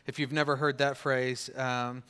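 A man's voice: medium pitch, little pitch movement, unhurried, pushed and bright, smooth. A man preaching a sermon as pastor, in a conversational way with many fillers and tag questions.

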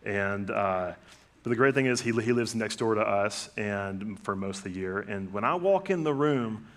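A middle-aged man with a fairly low voice preaching a sermon. He talks casually, like he is chatting with the congregation, and acts out the quotes in his stories. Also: moderate pace. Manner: conversational storytelling with lively acted-out quotes. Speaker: pastor.

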